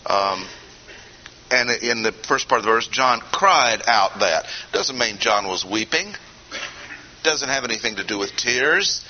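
A man teaching a Bible study in a deliberate, emphatic way with frequent pauses, on a dull lo-fi recording with faint hiss. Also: mid-range voice, animated, bright, forceful tone. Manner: deliberate, emphatic, pausing often. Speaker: preacher.

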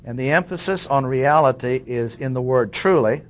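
A man's voice: medium pitch, normal speed. Man teaching a methodical sermon. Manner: methodical, emphatic Bible teaching, reading verses aloud. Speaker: pastor. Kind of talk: expository sermon.

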